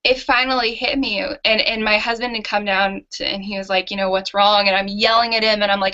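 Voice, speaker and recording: A woman's voice: medium pitch, fairly quick, few pauses. A woman entrepreneur guest telling her story in a candid, self-mocking interview. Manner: animated and self-mocking, with laughs. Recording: dull lo-fi audio.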